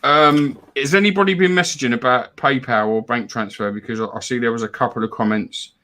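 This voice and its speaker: A man's voice: medium pitch, fairly even intonation, brisk, bright, forceful tone. A man co-hosting a casual live fan stream, chatting about football and reading out donations. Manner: chatty, repeats words, reads out donors. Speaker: fan show co-host.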